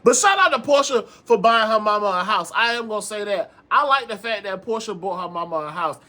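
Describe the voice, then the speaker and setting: A man with a high voice recaps reality TV in sassy, animated casual commentary. He calls his viewers "girl", repeats himself for emphasis and swears freely. His tone is bright and sharp. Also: a little fast. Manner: frequent profanity and emphatic repetition.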